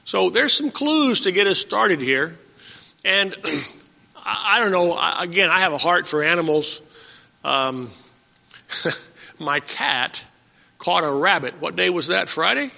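A man preaching with a bright, gravelly voice, a touch higher than most. He moves between slow scripture reading and folksy storytelling, and the dull lo-fi recording carries a long church reverb. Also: lively intonation. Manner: reads verses slowly, then tells folksy stories. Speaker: pastor.

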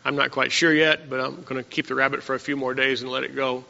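A man preaching with a bright, gravelly voice, a touch higher than most. He moves between slow scripture reading and folksy storytelling, and the dull lo-fi recording carries a long church reverb. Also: little pitch movement. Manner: reads verses slowly, then tells folksy stories. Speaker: pastor.

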